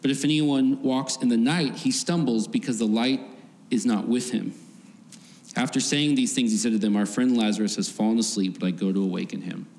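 Briskly and in a darkish mid-range voice, a preacher gives a conversational sermon, frequently laughing and performing the voices of people in his story. The recording carries faint background noise and a long hall reverb.

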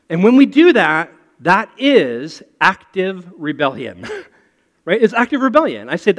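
A man preaching a sermon and telling a personal story in an animated way. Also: high-pitched, unhurried. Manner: animated, storytelling with rising excitement. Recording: long hall reverb.

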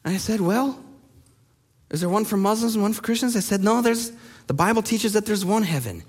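A man who pastors a church, preaching a sermon and telling stories with lively acted-out quotes. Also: high voice, brisk, slightly rough, long reverb tail. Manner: animated storyteller acting out quoted people. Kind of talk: sermon storytelling.

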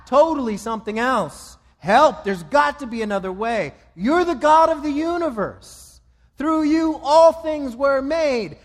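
A man's voice: very high voice, a bit bright, in a large hall, voice pushed up, exaggerated voice. A man voicing a desperate man who pleads with his father in anguish. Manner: anguished, begging.

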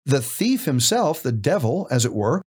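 A man's voice: mid-range voice, sing-song, normal speed, a little mellow, slightly rough. A man co-hosting a podcast, teaching from scripture in an emphatic, conversational way and asking rhetorical questions. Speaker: podcast co-host and preacher.

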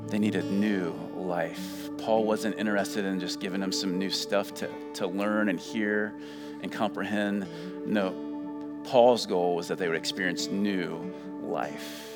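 A male pastor preaching a sermon, emphatic, asking the congregation questions and waiting for answers. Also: sits low.

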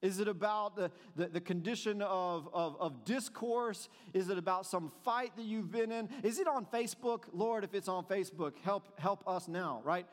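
A man preaching a sermon, moving between soft, drawn-out passages and emphatic, animated questions. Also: sits high, big-room sound. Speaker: pastor.

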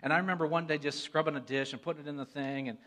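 A man in his forties giving an earnest sermon testimony, moving between hushed and emphatic delivery. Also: fairly high pitch, steady tone, racing. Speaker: church speaker sharing a testimony. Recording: long reverb of a large hall.

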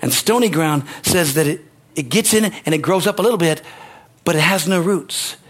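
A man with a slightly high voice preaches a sermon as a pastor at normal speed. He repeats lines to drive them home and calls out "amen" and "hallelujah," his preaching emphatic and full of rising exclamations.

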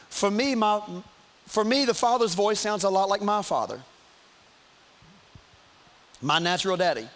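A man's voice: high-pitched, lively intonation, normal speed, pauses often, a bit bright. A man preaching a sermon to his congregation in church, emphatic and repetitive, with asides to the crowd. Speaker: pastor.

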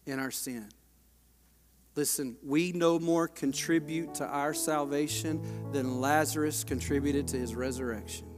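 Preacher in his forties, impassioned, fairly high-voiced, ringing through a big reverberant church. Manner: impassioned, swinging from hushed to loud. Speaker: Baptist pastor. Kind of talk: sermon. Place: large church sanctuary.

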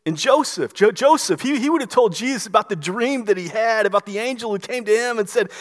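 Animated stammering male preacher. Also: high-pitched, brisk, hardly any pauses, big-room sound. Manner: animated, stammering restarts, dramatic retelling. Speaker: pastor. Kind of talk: sermon.

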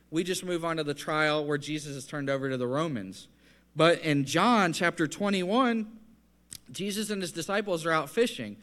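A man delivers a sermon in an earnest, conversational tone. His voice sits on the higher side and rises as he presses a point home. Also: a bit bright. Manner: conversational, earnest preaching with rising emphasis. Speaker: preacher.

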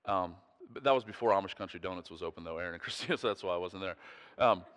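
A man's voice: low voice, rapid-fire, fairly bright tone. Man preaching in an echoing hall. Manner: chatty, self-interrupting, chuckles often. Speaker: pastor. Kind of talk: conversational sermon storytelling. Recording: long hall reverb.

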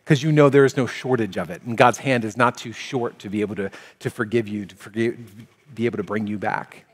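A man's voice: lowish voice, a little fast, breathy edge, in a large hall. A man preaching a sermon as a pastor, earnest and conversational, acting out everyday scenes. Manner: animated, acts out everyday scenes with playful exaggeration.

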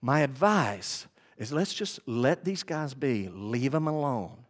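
A male preacher voicing a wise elder council teacher who pleads with angry men to calm down and wait. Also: mid-range voice, slow pace. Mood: soothing. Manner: pleading, urgent, then hushed and soothing.

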